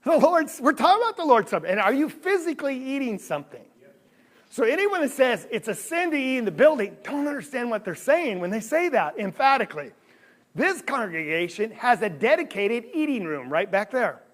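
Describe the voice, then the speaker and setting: A man with a high voice teaches a church Bible class, his pitch leaping up and down as he talks. He keeps asking the room questions and pulling them along with him. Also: a little fast. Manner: animated, asks the audience questions. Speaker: preacher. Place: church hall.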